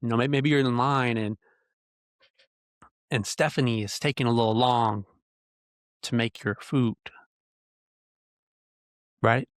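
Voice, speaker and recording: A man's voice: mid-range voice, fairly even intonation, slow, long pauses, dry recording. Male podcast host, mid-range voice, preachy heartfelt rant, dead-dry close mic. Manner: earnest, heated, full of rhetorical questions. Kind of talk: ranting solo podcast monologue.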